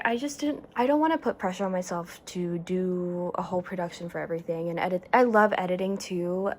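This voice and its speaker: A young woman chatting casually to camera as a vlogger, excitable and gushing, full of "like". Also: mid-range voice, slight background noise.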